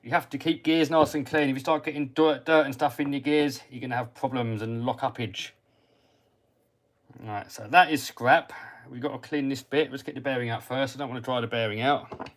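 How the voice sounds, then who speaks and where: Speaking fairly quickly in a steady, medium-pitched tone, this man from England chats casually on his RC car livestream. Between answering comments he reads aloud from viewers, he mutters to himself while cleaning parts of a model car.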